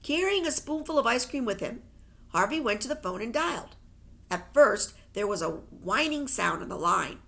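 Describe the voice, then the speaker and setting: A woman reading a novel aloud with expressive storytelling. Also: fairly high pitch. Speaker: reader.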